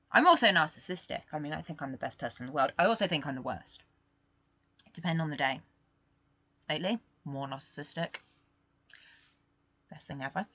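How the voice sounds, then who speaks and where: A young woman hosting a podcast, talking candidly in a rambling, confessional way that swings between quiet and emphatic. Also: sits low, lively intonation, moderate pace, pauses often, dry recording, muffled recording. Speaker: podcast host. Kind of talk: casual confessional monologue.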